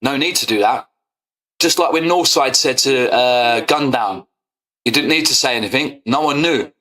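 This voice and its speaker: A man's voice: mid-range voice, normal speed, bright, forceful tone. A young man, ranting angrily at a fellow streamer, swearing often and calling him out. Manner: angry, confrontational, swears often. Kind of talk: heated rant.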